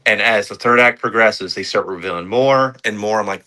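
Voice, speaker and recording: A man co-hosting a podcast, reviewing movies in casual, excitable chat, swearing freely and rambling with fillers. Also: lowish voice, moderate pace, hardly any pauses. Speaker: podcast co-host.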